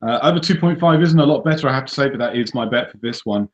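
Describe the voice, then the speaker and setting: A man's voice: mid-range voice, rapid-fire. Male tipster, level tone, no-fuss delivery, muffled line. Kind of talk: casual betting panel chat. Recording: dull call audio that cuts out.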